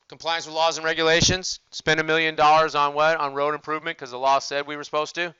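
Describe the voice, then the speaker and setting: A man's voice: fairly high pitch, flat delivery, quick pace, few pauses, sharp tone, smooth, no room sound, highs cut off. An older male accounting professor giving a casual recorded lecture, asking questions and answering them himself. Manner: conversational, asks and answers his own questions.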